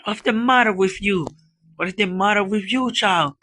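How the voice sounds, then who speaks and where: Aunt Polly, brisk old aunt, voiced by a man. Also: high voice, bright, forceful tone, pitched above the performer's own voice. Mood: alarmed. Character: Aunt Polly, older woman, brisk and worried.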